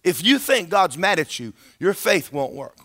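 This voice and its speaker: Animated, bright-voiced male preacher. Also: sits high, moderate pace. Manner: animated, conversational, emphatic. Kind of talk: sermon.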